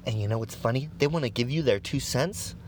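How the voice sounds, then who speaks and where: A man delivering an intense, profanity-heavy motivational rant, swearing constantly and breaking into shouted bursts. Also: mid-range voice, a little fast, slight background noise. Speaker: motivational speaker.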